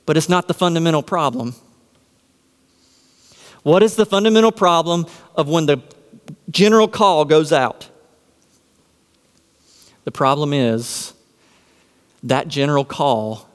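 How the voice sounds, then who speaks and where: A man preaching in a church, his fairly high voice ringing through the long reverb of a large hall. He keeps firing rhetorical questions at the congregation and answering them himself, leaning hard on his key points. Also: expressive, measured pace, long pauses, smooth. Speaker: pastor. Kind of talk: sermon.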